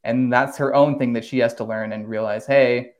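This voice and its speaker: A man in casual podcast talk, recapping plot points with quick enthusiasm and easy laughs. His voice sits in a middle register and he drops the odd curse word when something excites him. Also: mid-range voice. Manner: animated recapper, swears, laughs often. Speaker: podcast host.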